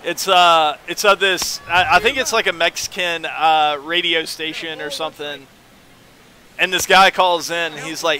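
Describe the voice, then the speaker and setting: Bright-voiced chatty male game streamer. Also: fairly high pitch, fairly even intonation, measured pace, a little hiss or hum. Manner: rambling, chatty, reads chat aloud. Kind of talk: casual gaming stream chat.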